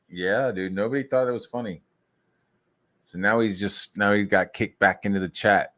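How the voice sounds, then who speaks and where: A man ranting angrily on a stream, swearing constantly and mocking others in squeaky put-on voices. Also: fairly even intonation, moderate pace, fairly bright tone. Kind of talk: profane ranting monologue.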